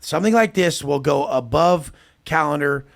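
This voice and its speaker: A man's voice: fairly high pitch, moderate pace, creaky. A man talking as a podcast guest, brash and profane, mocking people as he acts out both sides of past conversations. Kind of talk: casual podcast talk.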